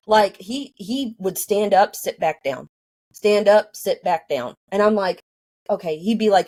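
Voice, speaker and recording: A woman's voice: medium pitch, lively intonation, unhurried, a little mellow. A woman telling her own story casually, rambling with many fillers and acting out what people said. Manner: rambling, lots of fillers, acts out quoted dialogue.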